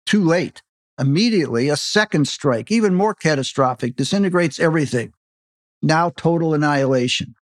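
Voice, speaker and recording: A man reads his own novel aloud in a fairly high voice, close to the mic and dry. His delivery is animated and leaps up in pitch on the exclamations. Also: moderate pace, dry recording. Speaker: author reading his novel. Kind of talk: audiobook reading.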